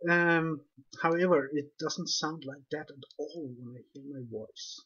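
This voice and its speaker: A man with a non-native English accent, calmly explaining a game walkthrough step by step. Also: on the high side, a little slow, slightly rough. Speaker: game guide narrator. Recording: dull lo-fi recording.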